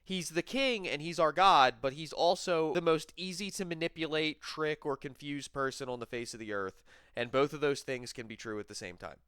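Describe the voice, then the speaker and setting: A man hosting a commentary channel, talking over clips in a dry, mocking, deadpan voice. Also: fairly high pitch, normal speed, clear, resonant tone, dry recording.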